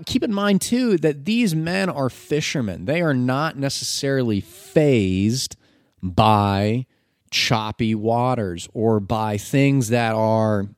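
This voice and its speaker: A man's voice: mid-range voice, no room sound, clean studio sound. A man reading scripture and then preaching about it in an earnest, conversational way, with filler words.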